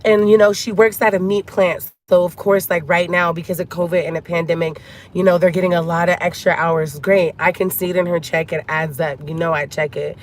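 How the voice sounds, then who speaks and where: Speaking briskly with fairly even intonation in a voice on the low side, a vlogger from a Cuban family pours out her upset to viewers, nearly crying. She talks to them like girlfriends in this emotional storytime, with slight background noise audible.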